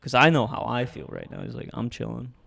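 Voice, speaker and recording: A man's voice: mid-range voice, brisk, vocal fry, a bit bright. A young man telling a long funny story in casual chat, laughing and swearing as he goes. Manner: rambling, laughing, swears a lot. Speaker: storyteller guest.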